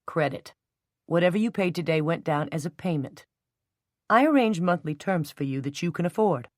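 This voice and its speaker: A woman's voice: on the low side, expressive, normal speed, a little mellow, no room sound, studio quality, close to an everyday voice. A woman voicing a confident, mischievous man who talks nonchalantly in a storybook. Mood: teasing. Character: teasing confident man, playful schemer.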